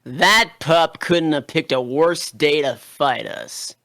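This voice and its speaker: A man voicing a smug, cold male vampire wolf villain in a live comedic fanfic reading, with gloating, drawn-out taunts. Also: fairly high pitch, pushed and bright, no room sound, heavily acted.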